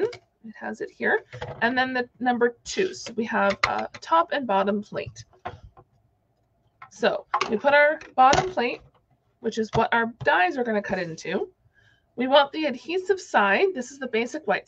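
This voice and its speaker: A woman's voice: fairly high pitch, lively intonation, a little slow, fairly bright tone, lo-fi sound, slight background noise. A woman giving a casual, chatty crafting tutorial, thinking aloud as she works. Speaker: card-making demonstrator.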